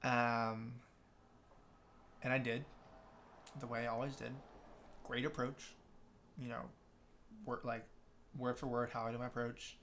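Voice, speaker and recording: A man's voice: mid-range voice, level tone, measured pace, pauses often, fairly bright tone, a little hiss or hum. A young man, a podcast guest, telling a long story in casual chat, with many restarts, and acting out what other people said. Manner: rambling, many restarts, acts out quoted people.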